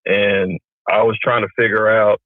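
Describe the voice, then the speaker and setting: A man from Houston calls in, easygoing and polite, hesitating with a few filler words. His voice is fairly low and thin, dry and phone-like. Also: flat delivery, moderate pace, no echo. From Houston, Texas. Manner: laid-back, hesitant, polite. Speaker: caller. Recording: tinny phone line.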